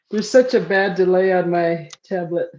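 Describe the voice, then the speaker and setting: A woman's voice: on the low side, a little mellow, echoey room, muffled recording, a little hiss or hum. A woman hosting a casual art livestream, hesitant and self-deprecating, chuckling often.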